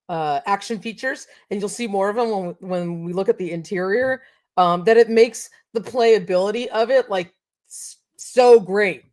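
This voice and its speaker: A woman co-hosting a casual conversation, full of excitement and peppered with "um" and "uh". Her voice sits at an ordinary middle pitch, and she keeps the talk moving in a relaxed, chatty way. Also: normal speed. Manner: enthusiastic, chatty with many fillers. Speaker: co-host of toy show. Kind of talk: casual chat.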